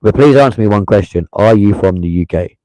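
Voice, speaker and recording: A man's voice: lowish voice, lively intonation, a little fast, dark tone, no echo, low-quality recording. A man hosting a live stream, giving blunt, profane, heated casual commentary.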